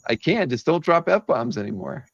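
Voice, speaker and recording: Low gravelly male stream host, rambling chatter, dry dull lo-fi sound. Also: sing-song, moderate pace, dry recording. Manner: rambling, many restarts, laughing asides. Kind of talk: casual live-stream chat.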